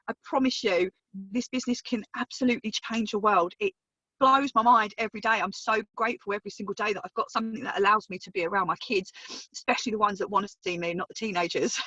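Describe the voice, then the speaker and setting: A woman's voice: on the high side, pushed and bright, dry recording, dull audio. A woman in her thirties giving an emphatic, chatty testimonial on a video call, swearing casually as she tells her story. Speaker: business testimonial speaker. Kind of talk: motivational testimonial on a group call.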